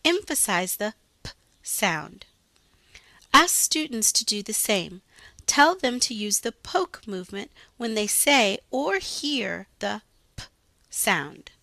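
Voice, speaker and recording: A woman narrating a scripted tutorial for teachers, clearly explaining step-by-step reading lessons and carefully sounding out phonemes. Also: on the high side, lively intonation, slow pace, sharp tone. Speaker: reading teacher demonstrating a website. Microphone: voice-over.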